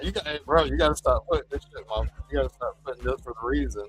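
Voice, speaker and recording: A man's voice: medium pitch, fast, soft background music, rough recording. A man co-hosting a casual livestream chat, rambling and swearing as he tells stories.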